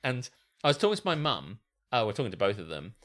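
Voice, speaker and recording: A man's voice: medium pitch, wildly swooping pitch, fast talker, fairly bright tone, a little hiss or hum. A man, co-hosting a podcast, telling a story in casual chat and often mimicking voices and laughing. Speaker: podcast co-host.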